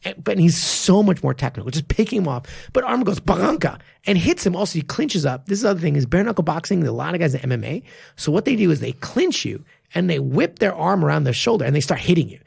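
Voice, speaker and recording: Gravelly, animated coach swearing freely. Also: male voice, on the high side, fast, no echo, clean studio sound. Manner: animated, emphatic, profane. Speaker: martial arts coach and podcast co-host. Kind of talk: casual podcast chat.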